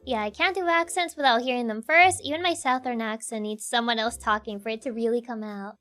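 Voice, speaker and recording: A woman's voice: on the high side, fairly quick, faint music behind. A young woman streamer with a Spanish accent and Spanish as her first language, chatting casually and playfully with her viewers, laughing often. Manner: giggly, animated, playful. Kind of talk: casual chat, reading chat aloud.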